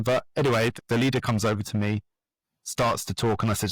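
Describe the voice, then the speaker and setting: A man's voice: mid-range voice, quick pace, no room sound, low-quality recording. A middle-aged man, a guest telling his story in a podcast interview and acting out what people said. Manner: animated storyteller who acts out quoted voices. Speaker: guest, transformation coach.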